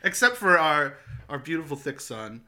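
A man with a very bright, sharp, tense tone, cursing freely through casual sports chat. He talks in an animated way and laughs often as he riffs with his co-host. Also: on the high side, moderate pace. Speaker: podcast co-host.

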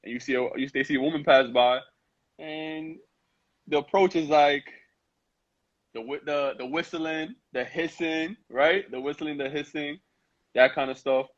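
A young man, hosting a relaxed chat and often repeating himself with "right?" and "you know what I'm saying?". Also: fairly high pitch, unhurried. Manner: laid-back, repeats phrases, asks "right?". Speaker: podcast host. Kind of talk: casual chat. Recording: muffled Instagram live audio.

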